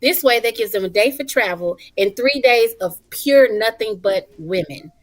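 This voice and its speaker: Brief: female talk show guest, a mom, lively and warm-hearted delivery with terms of endearment, close and dry sound. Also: fairly high pitch, normal speed, no room sound. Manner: animated and expressive, laughs often, calls listeners honey and child. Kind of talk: casual talk show conversation.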